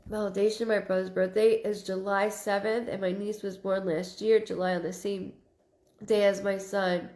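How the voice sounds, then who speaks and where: A woman's voice: medium pitch, level tone, normal speed, darkish tone. A woman psychic medium hosting a live stream, reading out viewer comments and thinking aloud in fragmented, repeated phrases. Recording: roomy echo.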